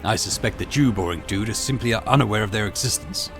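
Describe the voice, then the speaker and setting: Sneering Cockney heavy, loud and contemptuous, as a male narrator puts him on. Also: lowish voice, fast, over music, natural voice. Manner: contemptuous, mocking. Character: sneering burly male ship official.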